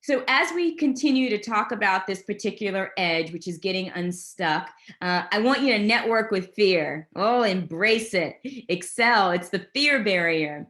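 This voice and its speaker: A woman giving an energetic, motivational career webinar, speaking straight to her audience and wandering off on tangents. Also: medium pitch, unhurried, echoey room. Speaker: presenter of a career master class. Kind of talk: webinar talk.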